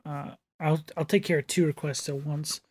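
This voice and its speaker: A man co-hosting a casual chat about tabletop games, relaxed, often trailing off and poking fun at himself. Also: a little high, normal speed, husky, no room sound. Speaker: podcast co-host.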